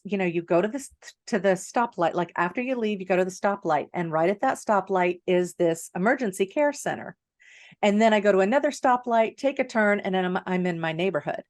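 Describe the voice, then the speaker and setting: A middle-aged woman co-hosting a podcast, telling a personal story in a chatty, animated way and often breaking into laughter. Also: mid-range voice, no echo, clean studio sound. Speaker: podcast co-host. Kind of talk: casual storytelling chat.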